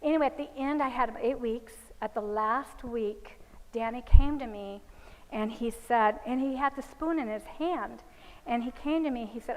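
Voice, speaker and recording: A woman's voice: fairly high pitch, moderate pace, in a large hall, poor audio. A woman giving a religious parenting seminar, telling anecdotes and acting out the voices of the people in them. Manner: storytelling, acts out quoted voices of children and parents. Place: seminar hall.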